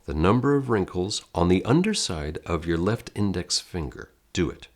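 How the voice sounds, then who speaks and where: A deep-voiced American man who teaches acting in an online lesson, his pitch swinging widely as he talks. He speaks straight to the viewer in a direct, theatrical way, as if addressing a class. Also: very animated, moderate pace.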